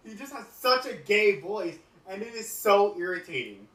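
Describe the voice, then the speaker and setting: A man's voice: high-pitched, fairly bright tone, reverberant, distant mic, low-quality recording. Blunt co-host man with a light voice. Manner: blunt, sarcastic, deliberately light voice. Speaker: podcast co-host. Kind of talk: casual chat.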